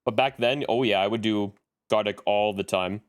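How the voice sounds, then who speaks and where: A man's voice: lowish voice, normal speed. A man streaming live in casual chat, greeting viewers by name as he talks.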